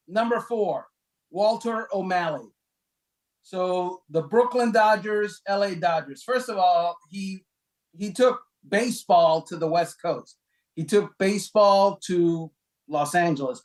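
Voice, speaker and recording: A man co-hosting a casual sports talk show, counting down a list with lively, emphatic delivery and rhetorical questions. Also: poor audio. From Cuban heritage, raised in South Florida. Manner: animated, rhetorical questions, emphatic pitch jumps.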